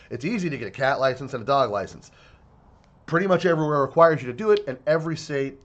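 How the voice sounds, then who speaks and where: A man's voice: medium pitch, dull audio. A man giving a heated, profane video commentary rant, sounding exasperated. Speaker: online commentator.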